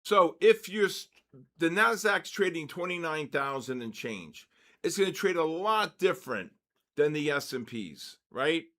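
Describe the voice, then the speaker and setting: A man's voice: fairly high pitch, big pitch swings, a little slow, bright, forceful tone. A man in his sixties hosting a live trading session, lecturing emphatically and driving points home with repeated "okay?" and "all right?".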